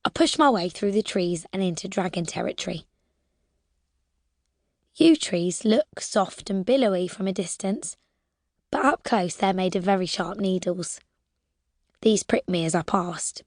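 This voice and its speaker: A woman's voice: mid-range voice, normal speed, vocal fry, no echo. Woman narrating an audiobook, dry and close. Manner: lively, expressive storytelling with sudden whispers. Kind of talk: first-person audiobook narration.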